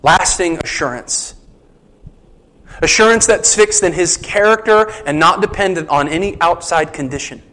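A man's voice: fairly high pitch, normal speed, pushed and bright, poor audio. A man preaching a sermon as a pastor, conversational, asking the congregation rhetorical questions.

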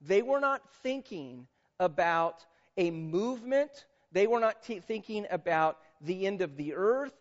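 A male pastor delivers a sermon in an animated, conversational way, tossing questions to his listeners. His voice sits fairly high for a man. The recording sounds dull and lo-fi. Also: unhurried. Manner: animated, conversational, quizzes audience.

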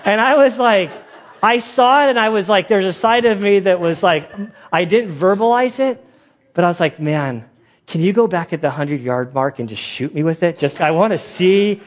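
A man's voice: sits high, moderate pace. A man preaching a conversational sermon. He is a pastor and police chaplain who tells stories in a loose, chatty way, full of fillers, and acts out the voices of the people in them. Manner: animated storytelling, acts out quoted voices.

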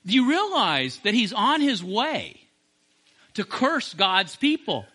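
Male preacher, high and piercing, fervent and repetitive. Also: wildly swooping pitch, slow, bright, forceful tone, husky. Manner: impassioned, repeats phrases and restarts mid-sentence. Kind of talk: sermon.

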